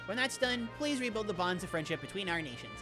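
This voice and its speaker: A woman's voice: mid-range voice, big pitch swings, fast talker, over music, close to an everyday voice. A woman voicing a playful young male beast-warrior in a game, talking in a breezy, teasing way.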